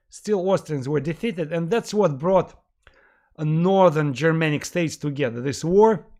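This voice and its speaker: A man giving a history lecture to a class, emphatic and animated, who often asks rhetorical questions and uses many fillers. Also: fairly high pitch, vocal fry.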